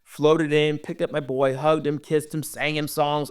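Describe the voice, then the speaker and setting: A middle-aged man telling his own story as a podcast guest, earnest and halting, often dropping to a hush. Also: fairly high pitch, little pitch movement, smooth, no echo, clean studio sound. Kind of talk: personal storytelling.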